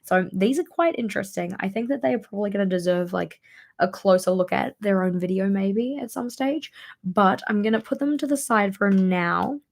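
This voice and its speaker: A young woman with a tired, hoarse voice, chatting casually and rambling through a show-and-tell of her haul. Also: medium pitch, a little mellow, slight background noise. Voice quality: gravelly. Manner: chatty, rambling with many fillers. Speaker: planner vlogger.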